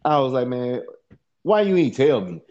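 A man tells a story in casual, profane, rambling talk and keeps circling back to "you know what I'm saying." His voice sits at an everyday middle pitch. The recording sounds a bit dull and lo-fi. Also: sing-song, moderate pace, darkish tone.

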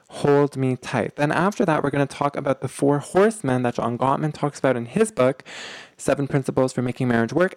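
Podcast host, male, casual explainer, gravelly edge, dry close sound. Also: on the high side, a little mellow, dry recording. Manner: casual, repetitive, acts out example quarrels. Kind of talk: instructional podcast monologue.

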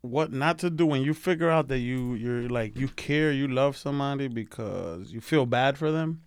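A man's voice: mid-range voice, normal speed, clean tone, no room sound. A man in a casual group chat who rambles, restarts his sentences often, and throws in jokey asides.

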